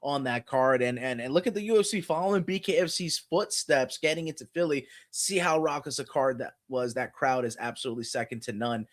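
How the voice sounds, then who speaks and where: Barely pausing, this medium-pitched man speaks fairly quickly as a podcast co-host. His casual sports betting talk centers on fights and leans heavily on the filler "you know."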